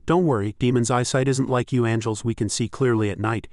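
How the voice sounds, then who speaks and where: A man's voice: mid-range voice, steady tone, brisk, a little mellow, no room sound, clean studio sound, natural voice. A man voicing an impatient, grumpy young male demon, read plainly in his own voice.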